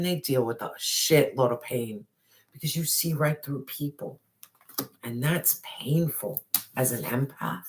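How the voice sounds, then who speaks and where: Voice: medium pitch, a little mellow. A tarot reader talks straight to the viewer in a spiritual reading. The delivery is emphatic, with lines often repeated for weight. The talk is loose and casual, with slang and the occasional swear word. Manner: emphatic and repetitive, speaking directly to the viewer.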